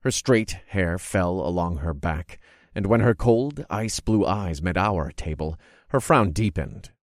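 Low voiced guy reading a fantasy book first person, steady and expressive, dry close mic. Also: a little slow, no room sound. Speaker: audiobook narrator.

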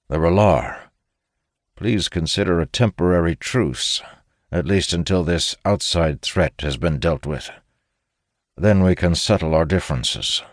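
A man's voice: low voice, dry recording, studio quality. A man reading an audiobook, voicing a careworn male lord who speaks diplomatically and somberly.

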